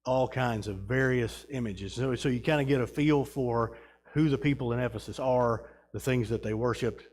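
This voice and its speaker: A man's voice: mid-range voice, moderate pace, a little mellow, slight background noise. Rambling man teaching a church class. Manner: rambling, many restarts and fillers. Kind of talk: casual slideshow talk about a trip.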